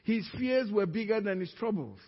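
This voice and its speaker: A middle-aged man from Africa preaches a sermon in a high, husky voice. He tells a story and acts out others' lines as he goes. The sound is dull and rings with a long church-hall reverb. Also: expressive, normal speed. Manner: storytelling, acting out quoted voices with rising pitch. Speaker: pastor.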